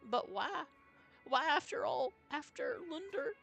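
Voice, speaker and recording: A streamer voicing an anxious young woman pressing hard for answers in a high, urgent voice. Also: very animated, a little slow, vocal fry, fairly bright tone, soft background music, heavily acted. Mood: worried.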